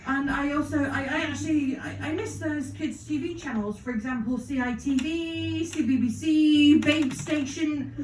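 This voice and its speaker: High-voiced woman doing stand-up. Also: darkish tone, a little hiss or hum. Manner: crude, self-deprecating banter with the crowd. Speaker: stand-up comedian. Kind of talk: stand-up comedy set. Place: comedy club stage. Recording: roomy, distant live club recording.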